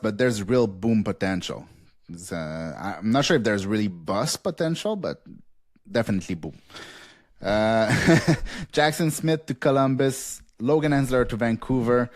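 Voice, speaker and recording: A man's voice: lowish voice, dry recording, studio quality. A male podcast host in a casual chat, reading out a long list with frequent laughs and fillers. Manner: rattles off picks quickly with frequent laughs and fillers.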